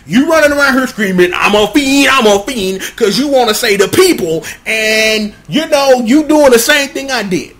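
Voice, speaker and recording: A man's voice: very high-pitched, fairly bright tone, exaggerated voice. A man voicing a worried young male friend who pleads and lectures earnestly in slang. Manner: slangy, earnest, repeats pleas.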